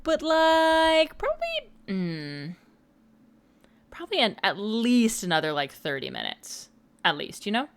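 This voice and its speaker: A woman's voice: lowish voice, expressive, measured pace, pauses often, fairly bright tone. A woman in her mid-twenties chatting casually and teasing her viewers during a late-night gaming livestream. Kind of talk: casual chat while gaming.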